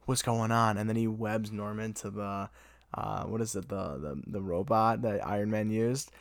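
A young man gushing about a movie in an excited, casual recap, full of "dude" and "oh my God". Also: lowish voice, moderate pace, gravelly, no room sound, clean studio sound. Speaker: movie fan reviewer.

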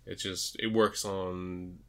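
A man co-hosting a casual podcast with a fairly low, steady voice. He chats loosely and laughs his way through the stories he tells. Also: slow. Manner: chatty, laughs while telling stories. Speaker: podcast co-host. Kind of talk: casual chat.

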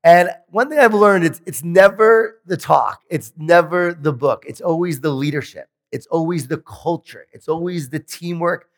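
Animated male keynote speaker in a reverberant hall. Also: a little high, moderate pace, hardly any pauses. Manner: animated storytelling with self-deprecating humor. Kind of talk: motivational keynote speech. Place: large conference hall.

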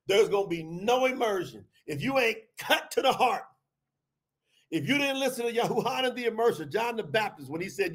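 A middle-aged man giving a livestreamed scripture talk as podcast host, preaching fervently and shouting out at the peaks. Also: extremely high pitch, animated, moderate pace, slightly rough.

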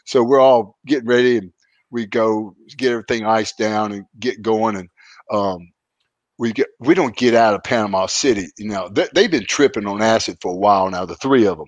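A man hosting a podcast, telling road stories in a relaxed, casual way and livening up when he quotes friends. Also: lowish voice, brisk, no room sound, highs cut off. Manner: laid-back, animated when quoting others. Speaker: podcast host, retired wrestler. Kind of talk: casual storytelling.

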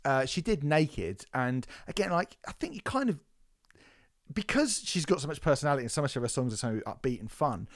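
A man's voice: mid-range voice, sing-song, fairly quick, dry recording, clean studio sound. A young man co-hosting a podcast in casual chat, swearing freely and rambling through fillers and restarts. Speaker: podcast co-host.

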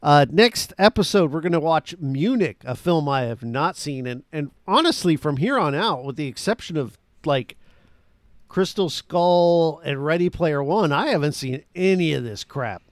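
A man's voice: fairly high pitch, animated, no echo. Joking man with a raised, dry voice. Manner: joking, quick asides. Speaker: podcast co-host. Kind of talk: casual chat.

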